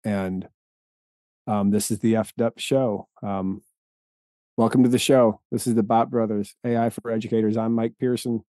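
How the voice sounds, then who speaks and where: A middle-aged man co-hosts a casual podcast and tells stories with lively energy, chuckling as he talks. His voice is low and warm. The sound is dry and close, as from a podcast mic in a small quiet room. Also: normal speed, no room sound. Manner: animated storyteller, laughs while telling stories. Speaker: podcast co-host.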